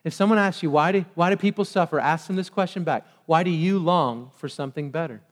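A man's voice: on the high side, fairly quick. Preaching man in an echoing hall. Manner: call-and-response preaching, quizzing the congregation. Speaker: pastor. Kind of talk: sermon. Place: church sanctuary. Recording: long reverb of a large hall.

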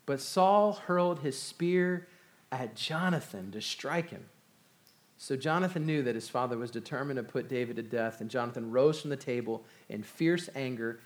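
A pastor preaching a sermon, reading scripture and retelling it in a conversational, animated way. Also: male voice, medium pitch.

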